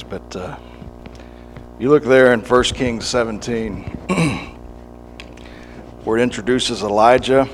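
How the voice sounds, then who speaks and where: A man preaching a sermon, often restarting his words, moving from quiet reflection to fervent, pleading prayer. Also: on the low side. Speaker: pastor. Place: church service.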